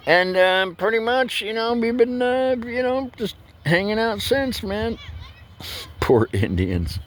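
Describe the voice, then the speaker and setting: A man, rambling through a profane, loose vlog monologue that swings between loud bursts and low mutters. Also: very animated, takes it slowly. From United States. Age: 60s. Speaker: vlogger.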